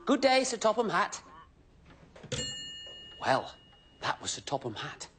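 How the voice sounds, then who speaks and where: In the style of a children's show presenter, a cheerful, eager-to-please station helper chatters to himself while pottering about, his high, exaggerated voice leaping in lively sing-song ups and downs. He speaks slowly, stays very polite and scripted, and there's noise in the background.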